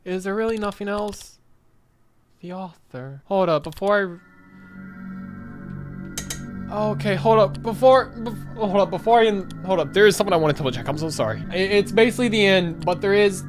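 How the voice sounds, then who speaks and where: A gamer giving excited, rambling commentary while playing through a game's ending, talking to the game itself. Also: mid-range voice. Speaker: let's play gamer.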